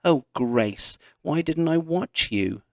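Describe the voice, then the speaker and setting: A man's voice: fairly high pitch, expressive, takes it slowly, vocal fry, a little mellow, no room sound, clean studio sound, voice pushed up, full character voice. A man reading the part of a desperate young girl searching for her lost baby sister. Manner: screeching, anguished.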